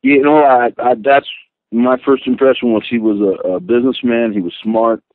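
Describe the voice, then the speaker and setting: An older man, a guest and former wrestler, telling rambling, animated stories with many restarts. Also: medium pitch, moderate pace. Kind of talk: storytelling interview. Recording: tinny phone line.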